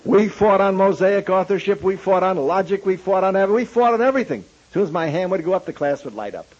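A man preaching, telling a story animatedly and acting out the dialogue in a husky voice. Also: sits high, expressive, quick pace, a little mellow. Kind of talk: sermon storytelling. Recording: dull lo-fi recording.

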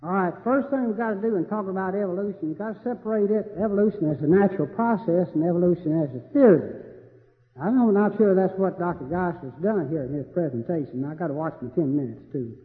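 A man's voice: high voice, fast. A man giving a folksy, joking debate speech that circles back on itself and repeats phrases. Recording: tinny lo-fi audio in a reverberant hall.

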